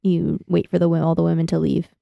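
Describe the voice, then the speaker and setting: A woman's voice: lowish voice, level tone, quick pace, gravelly, no echo, highs cut off. A woman co-hosting a podcast, recapping a story in casual chat and giggling. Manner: recaps plot with acted-out quotes, giggly. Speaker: podcast co-host.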